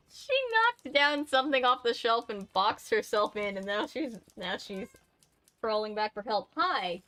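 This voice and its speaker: Woman reading a book out loud for her channel, bright voice, chatty little asides. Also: a little high, very animated, takes it slowly, long pauses. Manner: reads steadily, then drifts into chatty asides. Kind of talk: casual read-aloud livestream.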